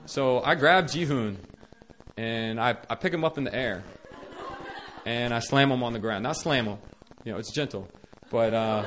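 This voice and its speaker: A young adult man telling a personal story to viewers in a casual, animated way, stumbling over restarts and acting out what he said. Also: mid-range voice, measured pace, noisy background. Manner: animated, acts out his own quoted lines loudly, frequent restarts and laughs. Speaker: storyteller recalling caring for children.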